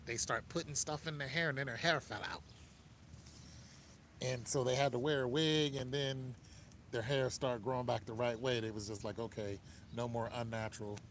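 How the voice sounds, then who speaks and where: A man's voice: medium pitch, moderate pace, fairly bright tone, a little hiss or hum. A man with an American accent giving dating advice in a laid-back, joking monologue, talking straight to the listener. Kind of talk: casual monologue.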